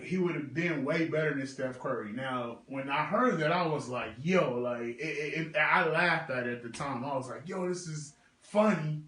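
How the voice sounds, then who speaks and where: Man in his thirties, halting livestream talk. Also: medium pitch, a bit bright, roomy sound, distant mic, low-quality recording. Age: 30s. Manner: halting, many fillers, heartfelt. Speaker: livestream host. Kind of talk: casual livestream tribute.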